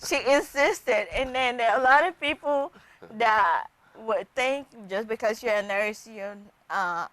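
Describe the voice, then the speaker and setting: A woman with a slightly high voice speaks as a guest on a television interview. She talks in a chatty, storytelling way and acts out what her patients said to her. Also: measured pace, a bit bright, dry recording, poor audio. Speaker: nurse practitioner guest.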